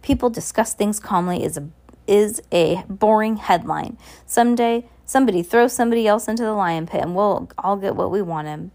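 A man's voice: high-pitched, normal speed, darkish tone. A woman reading aloud as a newspaper reporter eager for a shocking headline.

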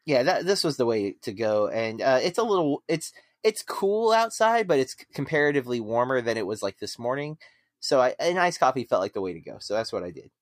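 A man's voice: mid-range voice, big pitch swings, brisk, no echo. Guy hosting a film podcast, rambly, lots of ums, dry close sound. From United States. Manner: rambling, with many fillers and restarts. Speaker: podcast host. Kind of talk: casual chat.

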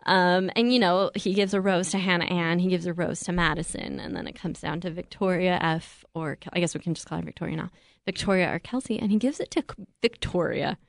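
A woman's voice: lowish voice, brisk, vocal fry, no room sound, clean studio sound. A woman co-hosting a podcast, casually recapping a reality show and giving her opinions on it. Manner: opinionated, narrates events step by step. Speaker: podcast co-host, writer.

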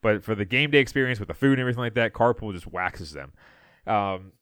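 A man co-hosting a podcast, telling a story in casual chat and acting out loud quotes, with many fillers. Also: on the low side, fast talker, clear, resonant tone, no room sound, studio quality. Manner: animated storyteller, acts out shouted quotes. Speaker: podcast co-host.

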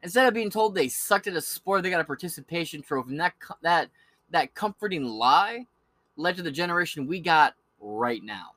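A man's voice: on the high side, animated, moderate pace, sharp tone, dry recording. A young man hosting a podcast, telling crude, joking stories full of slang and swearing. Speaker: podcast host. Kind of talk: profane ranting commentary.

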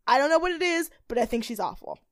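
A young woman co-hosting a casual recap podcast, animated and ranting, often acting out quotes. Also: high voice, quick pace, no echo, studio quality. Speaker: podcast co-host.

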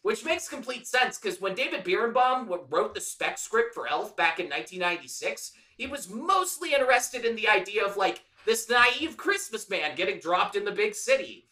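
A man's voice: high-pitched, very animated, normal speed, hardly any pauses, sharp tone, roomy sound, far from the mic. A man co-hosting a podcast, reviewing a film in casual, profane, enthusiastic chat. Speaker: podcast co-host.

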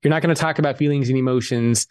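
Guy on a podcast telling his story, candid and animated, cusses a bit, average pitch, dry close mic. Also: very fast, dry recording. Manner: candid, animated, swears freely. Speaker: author and podcast guest. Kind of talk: casual storytelling interview.

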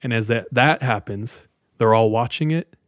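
A man hosting a podcast, casually telling a scary story with dramatic pauses and lots of "like.". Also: mid-range voice, dry recording, studio quality. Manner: relaxed, dramatic pauses, many "like"s.

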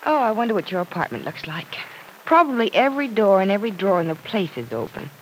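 An earnest young woman with worry in her voice, played by an actress in a vintage radio drama. The delivery is heartfelt and clear, with a faint hiss under the old broadcast. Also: mid-range voice, sing-song, quick pace, lightly acted. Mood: playful. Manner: anxious, earnest, playful at times. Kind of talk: 1940s radio drama acting.

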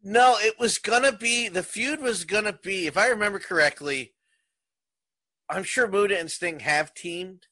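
A man co-hosting a wrestling podcast, talking as an eager fan in quick bursts. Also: high voice, pushed and bright, no room sound. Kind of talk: casual chat.

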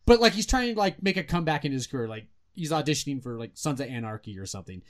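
A young man co-hosting a gaming podcast in casual chat, animated and swearing often. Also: mid-range voice, very fast. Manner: animated, swears a lot, mocks characters in put-on voices. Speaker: podcast co-host.

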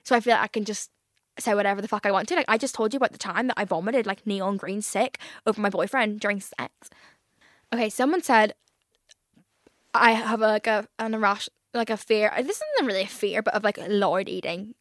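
In a dry, studio-quality recording, a young woman from Northern Ireland talks a little fast in a medium-pitched voice on her solo podcast. In her twenties, she's casual, chatty and prone to oversharing, swearing often and leaning heavily on "like".

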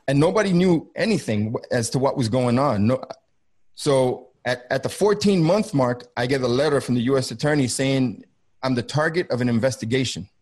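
Over a video call, a middle-aged former federal border agent recounts a gripping first-hand story, intense and halting, repeatedly circling back over the same ground. His medium-pitched voice has a slightly dark tone and lively intonation.

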